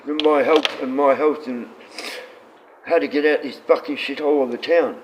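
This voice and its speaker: A man's voice: mid-range voice, fairly even intonation, moderate pace, lo-fi sound, slight background noise. A man chatting casually on a livestream, rambling and swearing freely.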